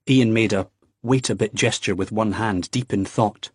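A man narrating an audiobook in a measured, wry storytelling manner. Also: fairly low pitch, husky, no room sound, studio quality. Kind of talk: scripted narration.

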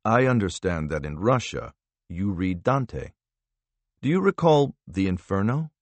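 A man doing a soft-spoken, menacing interrogator. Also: low voice, sing-song, no echo. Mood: quiet threat. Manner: soft, slow, quietly threatening. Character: calm, menacing male interrogator.

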